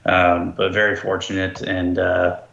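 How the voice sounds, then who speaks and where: A man talking casually on a podcast, halting and full of fillers and restarts. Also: deep voice, monotone, vocal fry, fairly bright tone. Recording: dull, roomy sound.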